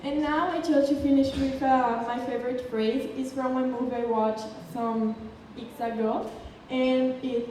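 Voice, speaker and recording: Brazilian-accented woman with a high, mellow voice, a student presentation heard from afar in a big council chamber. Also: steady tone, unhurried. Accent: Brazilian Portuguese. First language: Portuguese. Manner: careful, explanatory, with occasional stumbles. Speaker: English student giving a final presentation. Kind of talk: prepared classroom presentation. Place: large city council chamber. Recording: echoey hall from far off with faint noise.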